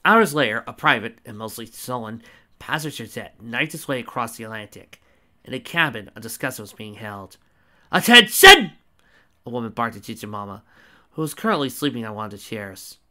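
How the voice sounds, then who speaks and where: A man's voice: mid-range voice, a little fast, bright, forceful tone. A man reading fan fiction aloud in a casual way, with small stumbles and joking asides. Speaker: fanfiction reader.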